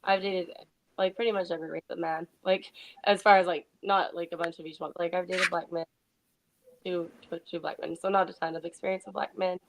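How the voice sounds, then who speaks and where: A woman's voice: on the low side, little pitch movement, a little fast, poor audio. A woman calling in as a guest on a livestream talk show, talking hesitantly with lots of "like" and restarts. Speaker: call-in guest. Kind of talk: casual chat.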